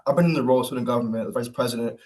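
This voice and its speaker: Quick-talking man, mid pitch, panelist adding to a casual discussion. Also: a little mellow. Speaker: webinar panelist.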